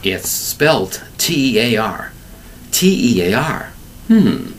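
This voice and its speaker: A man teaching an English vocabulary lesson alone, spelling words out slowly and asking rhetorical questions. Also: mid-range voice, big pitch swings, recorded from a distance, slight background noise, rough recording. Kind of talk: solo ESL vocabulary lesson.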